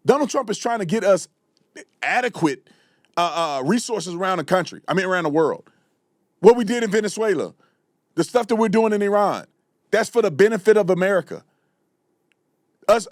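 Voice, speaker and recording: Male commentary host, very high, animated voice; fiery, slangy ranter. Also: no room sound, clean studio sound. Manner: fiery, ranting, repeats himself, slangy. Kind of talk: heated reaction commentary.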